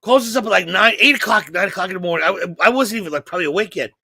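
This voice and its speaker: A man hosting a comedy podcast, telling a long story in an animated, profane way and acting out the people in it. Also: high voice, rapid-fire, creaky, dry recording. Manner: animated, profane, acts out voices.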